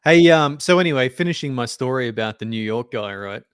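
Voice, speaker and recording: A man's voice: mid-range voice, lively intonation, a little fast, clear, resonant tone, dry recording. A man co-hosting a casual podcast, telling stories and laughing often. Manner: laughing storyteller, joking. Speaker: podcast co-host.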